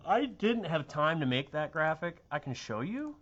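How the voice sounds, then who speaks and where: A man's voice: fairly high pitch, big pitch swings, moderate pace, fairly bright tone, lo-fi sound. A middle-aged man, a TV meteorologist, chatting casually and rambling on air in a sentimental way.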